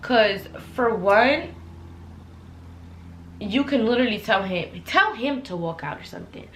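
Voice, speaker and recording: A young woman telling a heated work story in a casual storytime vlog, acting out the quotes loudly. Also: a little high, a little slow, slight background noise. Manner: animated, heated retelling with loud acted-out quotes. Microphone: laptop camera. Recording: echoey room.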